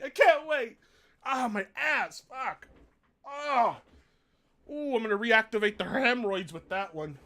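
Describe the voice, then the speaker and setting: A man's voice: very high voice, expressive, unhurried, bright, forceful tone, a little hiss or hum. A man streaming live, reading donations aloud, swearing and groaning in pain in a whiny, exasperated way. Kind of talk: casual live-stream chat.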